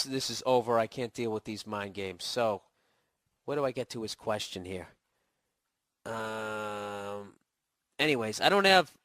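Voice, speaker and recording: A man's voice: a bit bright, no echo, studio quality. A middle-aged man with a Boston accent hosting a podcast, ranting profanely and sarcastically through a listener's email while he gets over a cold. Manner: sarcastic, mocking falsetto impressions. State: getting over a cold, voice cracking. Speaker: comedian podcast host answering listener email. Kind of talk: profane comedic advice rant.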